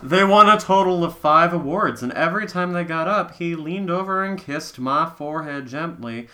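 A woman's voice: moderate pace, a bit bright. A woman co-hosting a comedy podcast, reading fan fiction aloud with wry, playful asides. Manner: wry, playful, drops into a low mock-seductive voice for the male character.

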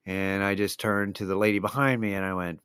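A man's voice: sits low, steady tone, brisk, fairly bright tone, clear, resonant tone, no room sound, studio quality. A man hosting his own show, telling rambling, profane stories in a wry, casual way with lots of fillers. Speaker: podcast host. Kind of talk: casual solo monologue.

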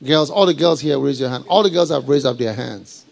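A middle-aged man preaching a live sermon, animated and laughing, firing rhetorical questions at his congregation. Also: mid-range voice, brisk, creaky. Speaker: pastor.

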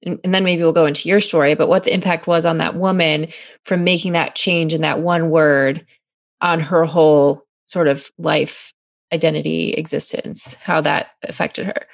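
A woman's voice: low voice, steady tone, moderate pace, gravelly. A woman hosting an interview, curious and asking follow-up questions. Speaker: interview host. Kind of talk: conversational interview.

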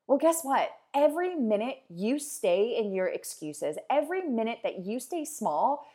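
Emphatic woman giving a pep talk. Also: a little high. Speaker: podcast host. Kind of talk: motivational podcast monologue.

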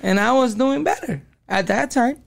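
Podcast guest, man, 40s, high-pitched and heavily gravelly, loose profane street talk. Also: moderate pace, no echo. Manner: profane street slang, calls listener dog. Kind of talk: casual interview storytelling.

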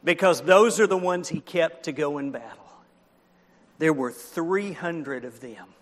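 Guy preaching to kids in a church hall, high bright voice, lots of reverb. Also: unhurried. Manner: animated, asks the listeners questions, acts out the characters. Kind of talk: children's sermon storytelling.

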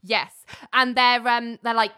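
A woman's voice: fairly high pitch, steady tone, slow pace, pushed and bright, smooth, no echo, clean studio sound. A woman casually recapping a TV episode, chatty and laughing often. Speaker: podcast co-host recapping a TV episode. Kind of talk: casual chat.

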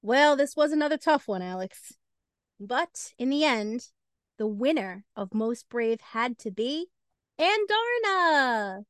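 A woman's voice: on the high side, a little slow, no echo, studio quality. A woman co-hosting a book podcast in casual chat, playfully announcing awards. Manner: playful, lively, announcer-style award presenting. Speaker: podcast co-host.

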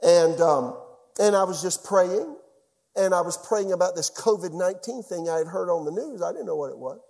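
A male pastor with a high, light voice preaches to his church. He tells his story with animation, rising and falling, and often drops to a near hush for emphasis. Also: moderate pace, gravelly, in a large hall. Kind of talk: sermon.

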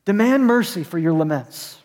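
A man's voice: high-pitched, animated, normal speed, a little mellow, in a large hall. A man preaching a sermon as pastor, telling a story and acting out the voices of the people in it. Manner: storytelling, acts out voices in anecdotes. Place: church, online service.

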